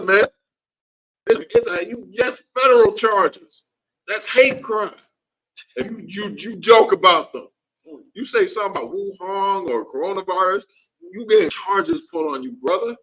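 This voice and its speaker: A man's voice: high voice, expressive, normal speed, a bit bright, low-quality recording. A man teaching a class in an impassioned preaching style, heated and repetitive, his voice leaping upward when he gets worked up.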